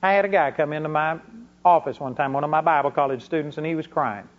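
Male preacher with a high voice, folksy sermon delivery, punchy emphasis. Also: fast talker. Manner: folksy storytelling with bursts of emphasis. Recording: dull lo-fi recording.

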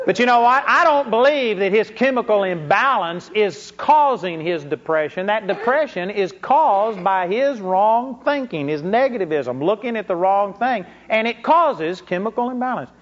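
On a dull lo-fi recording, a man preaches a sermon, telling folksy stories from his ministry and rising into bursts of emphasis. His voice sits high and is animated, at normal speed.

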